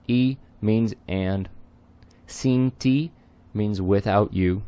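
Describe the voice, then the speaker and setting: A man with a lowish voice talks slowly through song lyrics, line by line, in a tutoring tone. He hesitates often, with ums and throat clearing, and never hurries. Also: warm tone.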